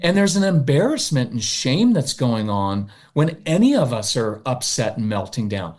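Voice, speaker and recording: Male parenting-coach guest, medium pitch, plain explanatory delivery with animated asides. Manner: animated, acts out quick parent voices; matter-of-fact, explanatory. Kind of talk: podcast interview.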